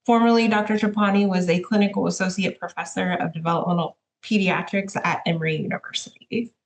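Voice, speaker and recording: A woman's voice: fairly low pitch, steady tone, fast. Woman moderating a video webinar. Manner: casual, with fillers and brief apologies. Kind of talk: introducing webinar speakers.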